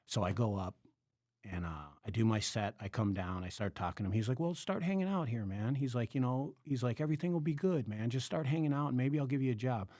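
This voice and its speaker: A man in a casual podcast chat tells a long story and keeps breaking into laughter. He mimics the people in it with quick jumps in his voice. His mid-pitched voice is recorded close and dry. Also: dry recording. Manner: animated, acts out quotes with laughs. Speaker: podcast host, comedian.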